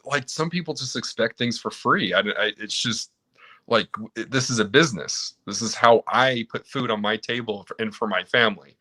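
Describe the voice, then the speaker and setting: A man's voice: mid-range voice, normal speed, pushed and bright. A man, a mobile car technician, chatting casually and telling work stories where he acts out both himself and his customers. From Utah. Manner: storytelling, acts out both sides of customer exchanges. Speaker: mobile automotive technician, guest. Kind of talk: casual chat.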